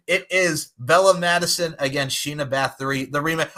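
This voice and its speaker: A man hosting a fight podcast, excitable and jokey, often breaking into loud hype. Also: on the high side, moderate pace, hardly any pauses. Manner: hyped, jokey, bursts of shouting. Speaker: podcast host.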